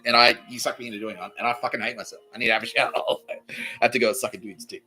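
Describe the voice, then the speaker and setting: A man's voice: mid-range voice, fairly even intonation, rapid-fire, bright, forceful tone, soft background music, poor audio. A man, hosting a comedy podcast and telling a crude, profane story, often laughing at his own jokes and mimicking others. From Australia. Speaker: podcast host.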